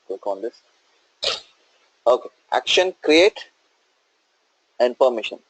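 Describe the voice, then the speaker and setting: Husky man explaining code step by step. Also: medium pitch, big pitch swings, takes it slowly, long pauses, dry recording, poor audio. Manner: explains step by step, asks "okay?" and "right?" often. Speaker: instructor. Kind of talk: screen-share coding tutorial.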